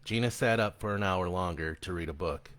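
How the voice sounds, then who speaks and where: A man giving a live reading of his own horror story in an expressive, dramatic storytelling manner. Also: deep voice, fairly quick, no echo.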